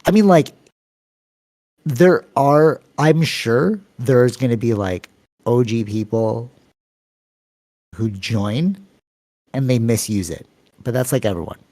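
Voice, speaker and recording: Podcast co-host, Canadian man, rambling storyteller, warm mellow tone, dry close mic. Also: takes it slowly, pauses often, no room sound. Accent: Canadian English. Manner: long-winded, rambling storytelling with many fillers; acts out quoted voices with sudden pitch jumps. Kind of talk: casual podcast chat.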